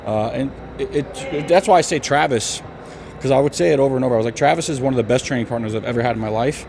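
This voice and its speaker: Man bodybuilder, emphatic profane gym talk, average pitch, faint background noise. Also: gravelly, a little mellow. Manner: profane, emphatic, fast-talking. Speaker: bodybuilder vlogger. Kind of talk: casual gym chat.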